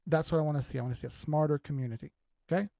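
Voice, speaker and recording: Racing along in a fairly high, warm voice with vocal fry, an older crypto livestream host reads out viewer comments and swears casually. The dry recording is studio quality.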